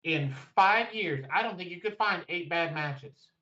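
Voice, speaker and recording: Emphatic co-host, middling pitch, dull lo-fi audio. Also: measured pace, pushed and bright, far from the mic. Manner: emphatic, opinionated, firm. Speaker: podcast co-host. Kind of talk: casual wrestling chat.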